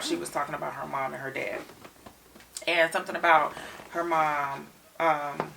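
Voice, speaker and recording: A woman tells an episode's story in lively detail, her voice bright and heavily gravelly. She sits a little back from the mic. The recording has a slightly distant feel. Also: low voice, slight background noise. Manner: expressive storyteller, retells scenes in detail. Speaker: reaction show co-host. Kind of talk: animated episode recap.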